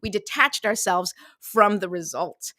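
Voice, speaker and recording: A woman in her thirties hosting a casual motivational talk, chatty and animated, full of fillers, acting out little voices as she goes. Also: medium pitch, unhurried, a little hiss or hum. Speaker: host.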